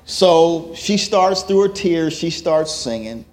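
A man giving a sermon testimony, telling a story with acted-out quotes that rise to loud, emotional peaks. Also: a little high, expressive, slow. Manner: self-described introvert, plain conversational delivery. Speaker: preacher.

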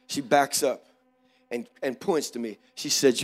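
A middle-aged male preacher recounts a personal story in his sermon, swinging animatedly between hushed moments and loud exclamations. His voice is mid-range and a little slow.

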